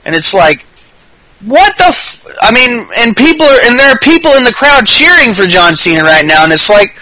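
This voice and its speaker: A man co-hosting a podcast, chatting casually about wrestling in a profane, animated rant. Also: very high voice, normal speed, rough recording. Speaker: podcast co-host.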